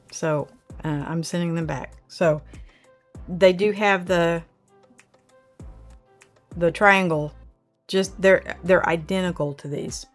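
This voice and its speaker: A chatty woman with an Oklahoma twang talks loosely and at length, wandering between thoughts as she answers viewers. Her voice sits a bit low for a woman. Soft music plays faintly behind her. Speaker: channel host reviewing camera gear. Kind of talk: casual live chat.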